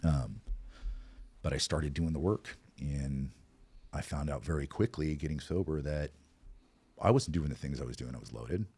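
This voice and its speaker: A man with an extremely low, husky voice speaks as a podcast guest. He tells his story candidly and with self-deprecating humor, and he is animated as he speaks. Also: moderate pace, long pauses. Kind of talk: personal recovery storytelling.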